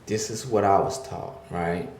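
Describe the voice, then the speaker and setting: Slow, deep-voiced man in a roomy space. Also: fairly even intonation. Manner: slow, halting start building to forceful preacherly emphasis. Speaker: speaker giving life advice to men. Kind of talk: motivational talk. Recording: roomy echo.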